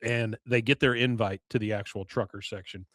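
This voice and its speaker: A man hosting a podcast, casually recapping an episode, rambling with fillers, coughs and a tiring, hoarse voice. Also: lowish voice, fairly even intonation, fairly quick, a bit bright, no echo, studio quality. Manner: rambling retelling with many "uh"s, coughs and throat clearing. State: voice going hoarse. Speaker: podcast host.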